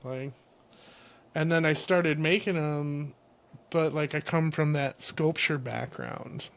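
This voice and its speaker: A man's voice: fairly high pitch, slow, a little hiss or hum. A man from Illinois, a ceramic artist guest, chatting casually and acting out the people in his stories. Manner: animated storyteller, acts out quotes. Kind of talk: casual chat.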